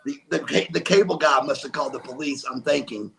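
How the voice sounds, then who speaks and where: Slight background noise sits under this older man's mid-range, gravelly, fairly bright voice as he talks briskly. A former wrestler guesting on an interview, he tells animated stories with emphasis and acts out quotes.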